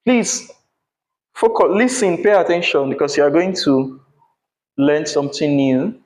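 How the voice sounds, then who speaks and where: A man's voice: on the high side, lively intonation, unhurried, darkish tone. A male teacher, teaching a class patiently and checking in often with "yeah?" and "right?". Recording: echoey classroom.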